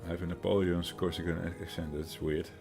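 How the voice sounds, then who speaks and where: A man's voice: low voice, level tone, a little fast, creaky, over music. A man in his thirties with a Dutch accent, chatting casually with his stream chat, rambling with fillers as he answers them. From Netherlands.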